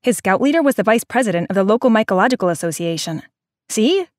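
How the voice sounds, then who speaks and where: A woman's voice: mid-range voice, expressive, quick pace, no room sound, studio quality, close to an everyday voice. A woman reading an audiobook voices an earnest, eager young boy who defends himself. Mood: insistent. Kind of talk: audiobook narration.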